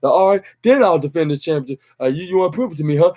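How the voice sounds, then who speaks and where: Young male podcast host, slightly high voice, loose rambling recap delivery with lots of fillers. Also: expressive, rapid-fire, mellow. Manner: rambling, many fillers and restarts, acts out quotes. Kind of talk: casual wrestling recap.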